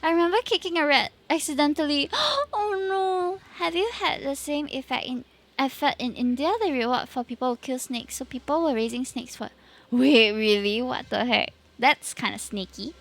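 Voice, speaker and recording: A woman's voice: sits high, normal speed, fairly bright tone. A woman from Singapore with a Singaporean English accent, chatting playfully on a live stream, dropping Singlish particles and laughing often. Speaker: VTuber streamer. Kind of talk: casual live-stream chat.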